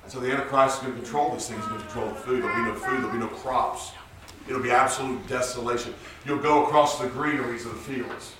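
A man preaching a sermon, swinging from low murmurs to shouted high cries. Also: fairly even intonation, quick pace, noisy background. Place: church sanctuary. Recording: roomy church recorded from far off.

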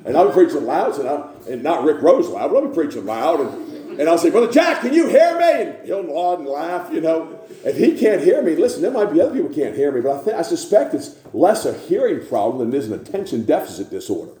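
A man preaching a sermon in a church, building to repeated shouted refrains. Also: on the high side, very animated, brisk, reverberant.

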